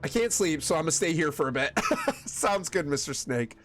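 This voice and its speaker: A man with a Michigan accent and a slightly raised pitch talks casually with his stream chat while he games. He rambles from thought to thought and often backs up to restart a sentence. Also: animated, moderate pace, fairly bright tone, soft background music. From West Michigan. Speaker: game streamer.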